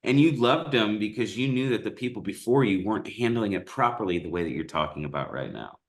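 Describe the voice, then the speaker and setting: A man's voice: lowish voice, animated, a little fast. A man co-hosting a sales talk in a casual, agreeing way, laughing easily. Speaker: co-host. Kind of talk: casual chat.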